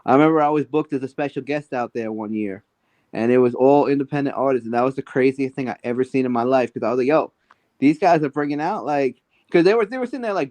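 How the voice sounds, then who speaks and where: A man's voice: medium pitch, a little mellow. A man on a podcast as a guest, telling stories in a loose, rambling way with lots of fillers. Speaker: guest, event organizer. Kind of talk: casual podcast chat.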